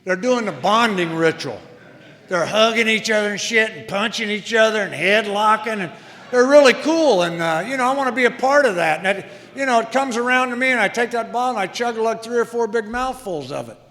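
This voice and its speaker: A man's voice: high-pitched, expressive, brisk, sharp tone. A man in his sixties telling his own story at a recovery meeting in a wry, self-deprecating way. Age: 60s. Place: meeting hall. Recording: long reverb of a meeting hall.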